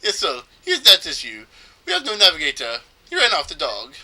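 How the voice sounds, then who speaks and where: A man's voice: fairly high pitch, wildly swooping pitch, a little fast, bright, forceful tone, full character voice. A man voicing a vain, pompous male ship owner in a fake Spanish accent, boasting grandly while reading game text. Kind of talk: let's play voice reading.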